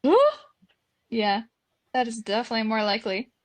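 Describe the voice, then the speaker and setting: A young woman with a somewhat high voice chats on a podcast, rushing through dramatic stories. The sound is close and dry, with no room around it. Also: dry recording. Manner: quick, dramatic storyteller. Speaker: podcast co-host. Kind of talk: casual chat. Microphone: remote recording.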